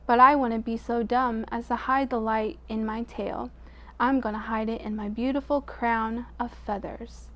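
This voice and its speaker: A woman's voice: fairly high pitch, fairly even intonation, normal speed, sharp tone. A woman voicing a boastful, self-important male buzzard in a storybook reading.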